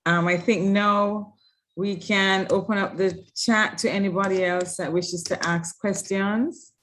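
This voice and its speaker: Brisk woman moderating an online panel. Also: medium pitch, steady tone, fairly bright tone, slight background noise.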